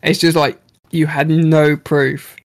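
Man, casual film chat, gravelly, slightly high voice, swears a lot. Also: takes it slowly. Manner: animated, swears freely, acts out characters' lines. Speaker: podcast co-host reviewing a film.

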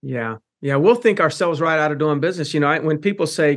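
A podcast host conducts a casual interview, speaking emphatically and illustrating his points with everyday examples. His voice is fairly high and his pace quick.

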